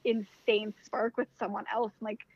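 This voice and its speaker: Animated woman telling a story, dull lo-fi. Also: medium pitch, normal speed, husky, no room sound. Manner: animated, acts out quoted dialogue, heavy use of "like". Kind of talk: casual storytelling chat. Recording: dull lo-fi dry sound.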